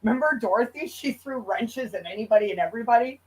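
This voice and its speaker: A woman's voice: fairly high pitch, lively intonation, fast, darkish tone, low-quality recording. An American woman co-hosting a casual livestream, swearing and griping about chat as she reads it. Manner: profane, exasperated, reads chat aloud. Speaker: co-host of a livestream.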